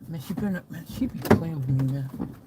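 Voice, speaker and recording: Streamer woman, chatty and teasing, reads chat out loud. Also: deep voice, a little fast, heavy background noise. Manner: chatty, teasing, laughs often. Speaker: live streamer. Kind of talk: casual live-stream chat, reading comments.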